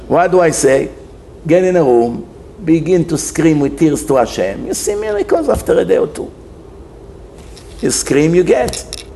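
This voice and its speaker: A man's voice: medium pitch, slight background noise. A man, a rabbi, giving a humorous sermon, animatedly acting out the figures. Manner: animated storyteller acting out characters in quotes.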